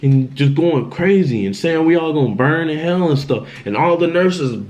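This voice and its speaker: A young man vlogging, retelling a frightening personal story in an animated, emphatic way with lots of slang. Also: a little high, moderate pace. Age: young adult. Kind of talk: storytime vlog.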